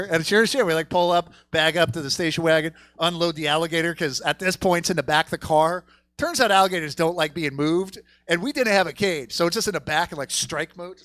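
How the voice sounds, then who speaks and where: Crude, bright-voiced stand-up comic. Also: male voice, sits high, fairly quick, no room sound, clean studio sound. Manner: crude, rambling storytelling with crowd work. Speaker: stand-up comedian. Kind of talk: stand-up comedy set. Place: comedy theater stage.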